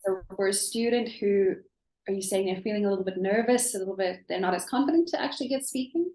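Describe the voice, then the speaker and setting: South African woman, animated and chatty. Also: medium pitch, fast talker. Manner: animated, thinks aloud with many ums. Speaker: English teacher, guest. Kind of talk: casual interview chat. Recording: echoey room.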